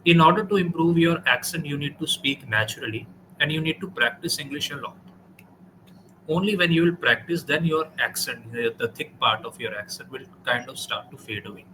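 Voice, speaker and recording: A man's voice: medium pitch, sharp tone. Indian male English tutor, direct and corrective, noisy line. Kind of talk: spoken English practice session with feedback.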